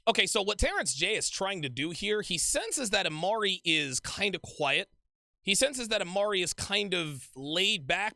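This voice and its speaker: A man giving casual, profane reaction commentary on a dating show, animated and repetitive. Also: high-pitched, no room sound, studio quality. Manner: animated, profane, repeats himself.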